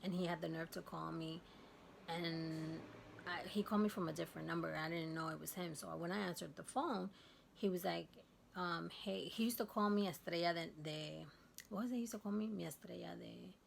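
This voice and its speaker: A woman vlogger with a lowish, gravelly voice tells a personal story in a candid, casual way. She is emphatic and lowers to a hush at the tense parts. A faint hiss sits under the voice.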